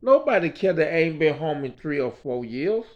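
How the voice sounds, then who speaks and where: A man's voice: a little high, big pitch swings, normal speed. A man casually telling a rambling story about his hospital stay, talking as a patient and often asking "you know what I mean". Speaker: vlogger telling a personal story. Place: hospital room. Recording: dull lo-fi sound.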